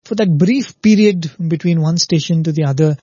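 A spiritual speaker explains things patiently at a moderate pace in a slightly high, mellow, somewhat husky voice, often adding "right?" to check in with listeners. The recording is dull and dry, with no room sound.

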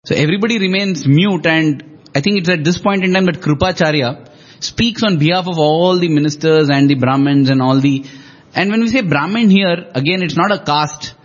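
Husky man retelling an epic story. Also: on the high side, normal speed. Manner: reflective, retells dialogue with emphasis. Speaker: podcast co-host. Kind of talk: storytelling discussion of scripture. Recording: dull lo-fi audio.

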